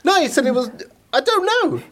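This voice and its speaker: Animated middle-aged male comedian telling anecdotes. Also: extremely high pitch, fairly quick, a little hiss or hum. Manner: animated storyteller who laughs often and slips into voices. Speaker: comedian guest. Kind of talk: casual podcast chat, anecdotes.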